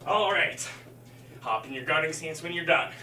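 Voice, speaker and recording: A man's voice: on the high side, animated, normal speed. A male martial arts instructor leading a live-streamed workout, counting reps and calling cues while he exercises, slightly out of breath. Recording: echoey room, mic far off, faint hum.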